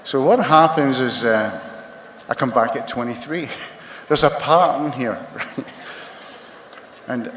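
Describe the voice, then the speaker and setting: Scottish guy in his 60s, slow wry jokes, big echoey hall, faint background hum. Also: medium pitch, a bit bright. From Scotland. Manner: wry, joking, self-mocking. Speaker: recovery meeting speaker. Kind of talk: comic storytelling talk to a crowd. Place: large convention hall.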